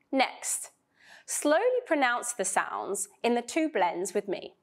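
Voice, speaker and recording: A woman teaching English pronunciation in a slow, scripted lesson, drilling sounds clearly and deliberately. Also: fairly high pitch, big pitch swings.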